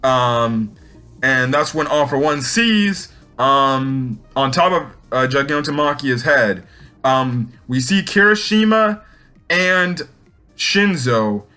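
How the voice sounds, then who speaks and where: Bright-voiced young man reviewing manga. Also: medium pitch, animated, takes it slowly, clear, resonant tone, faint music behind. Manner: casual, many fillers and restarts. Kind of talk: casual spoken review.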